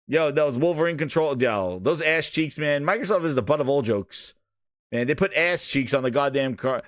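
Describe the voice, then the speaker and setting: Animated, profane gaming podcast host. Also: male voice, fairly high pitch, moderate pace, no room sound, clean studio sound. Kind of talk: casual gaming rant.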